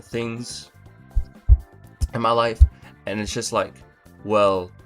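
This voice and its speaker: A man's voice: on the low side, little pitch movement, takes it slowly, fairly bright tone, smooth, faint music behind. A young man doing a comedic rant to camera, exasperated and incredulous, with exaggerated outbursts. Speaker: comedy vlogger.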